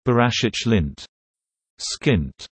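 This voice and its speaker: A man reading slang terms and their meanings in a measured, deliberate teaching delivery. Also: medium pitch, expressive, husky, no room sound. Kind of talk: slow explanatory reading of word pairs.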